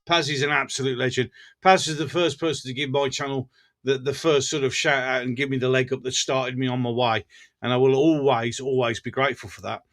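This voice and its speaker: A man's voice: mid-range voice, fairly even intonation, a little fast, a bit bright. A man with a Black Country accent hosting a casual livestream, chatting with viewers, joking and laughing often. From English Black Country. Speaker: livestream host. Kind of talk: casual live chat reading comments.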